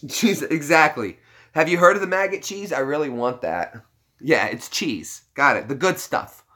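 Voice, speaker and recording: A man's voice: fairly high pitch, animated, slow, long pauses, sharp tone. A young American man hosting a casual livestream chat, joking around, playing with words and laughing often. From United States. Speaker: livestream host.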